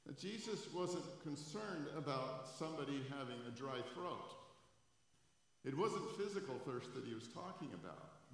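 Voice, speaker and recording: A male pastor preaching a sermon to a room and a live stream, raising his voice for quoted scripture. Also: fairly high pitch. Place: church sanctuary. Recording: echoey hall, long reverb.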